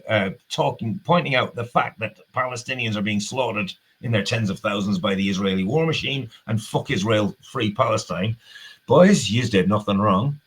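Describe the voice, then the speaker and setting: Husky man in a profane heated rant. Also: on the low side, a bit bright. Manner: profane, heated, rambling with restarts. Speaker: political commentator. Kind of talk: angry spoken rant.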